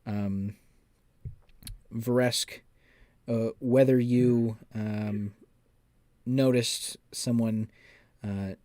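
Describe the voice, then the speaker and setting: A man narrating a tabletop role-playing game as game master, describing scenes to the players in a measured second-person voice. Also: mid-range voice, fairly even intonation, mellow, no echo, studio quality.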